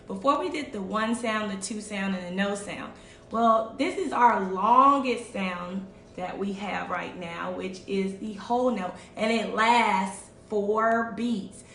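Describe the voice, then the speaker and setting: Slow, patient woman teaching a music lesson. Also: mid-range voice, recorded from a distance, a little hiss or hum. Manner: patient, repeats and checks in with "all right?". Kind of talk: online music lesson for children. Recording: echoey room, voice away from mic.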